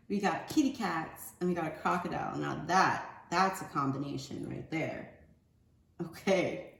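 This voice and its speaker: A woman's voice: sits low, unhurried, creaky. Rambling woman reading oracle cards. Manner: loose, rambling, slangy chat. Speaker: spiritual card reader. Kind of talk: casual oracle card reading. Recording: echoey room with faint ambient noise.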